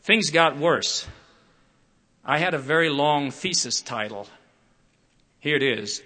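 Bright-voiced man giving a measured talk. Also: a little high. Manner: measured, expressive, acts out quoted voices. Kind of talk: prepared public talk with storytelling.

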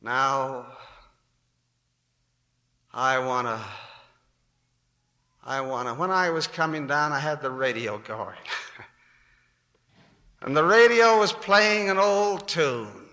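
A man's voice: on the high side, animated, extremely slow, long pauses, pushed and bright. An older man giving a sermon as a church speaker. He speaks earnestly and adds wry humorous asides. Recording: echoey hall.

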